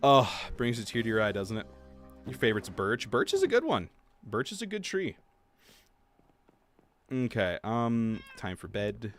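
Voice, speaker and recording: Streamer, male, lively up-and-down delivery, faint music underneath. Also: medium pitch, unhurried, pauses often. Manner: chatty, animated, soft laughs. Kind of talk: casual livestream gameplay chat.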